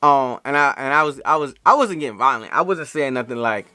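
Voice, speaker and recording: A man vlogging an indignant storytime rant, animated and repeating himself as he retells the story. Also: medium pitch, fairly quick, no echo.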